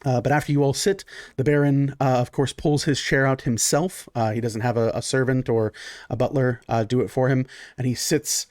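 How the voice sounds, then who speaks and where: A man's voice: mid-range voice, fairly even intonation, normal speed, a little mellow, no room sound, clean studio sound. A man narrating a tabletop game as game master, in a casual way with many fillers.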